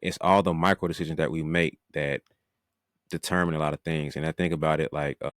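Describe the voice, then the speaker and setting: Deep-voiced man host in a dry room. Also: fairly even intonation, brisk, fairly bright tone, no echo. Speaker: podcast host. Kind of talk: interviewing, reflective questions.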